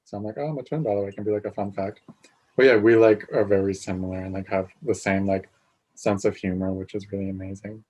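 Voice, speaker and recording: Low-voiced young man, relaxed and hesitant. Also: a little fast, poor audio. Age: young adult. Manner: relaxed, hesitant, often trails off quietly. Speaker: podcast guest. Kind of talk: casual podcast chat.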